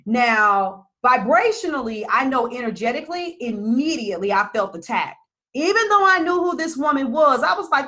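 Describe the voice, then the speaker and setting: A woman's voice: high-pitched, animated, moderate pace, bright, forceful tone. A woman business coach talking casually to her followers, blunt and emphatic, swearing freely.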